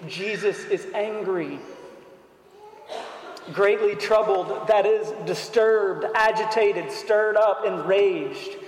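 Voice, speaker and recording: Preacher, man, high-pitched and unhurried, earnest sermon in a big reverberant hall. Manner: earnest, deliberate, rhetorical questions. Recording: echoey hall.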